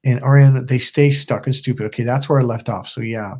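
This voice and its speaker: Hombre de mediana edad, voz ronca, relatando. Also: male voice, mid-range voice, steady tone, brisk, mellow. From Napa, California. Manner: swearing, rambling, acts out voices in quotes. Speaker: channel host. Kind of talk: casual storytelling livestream.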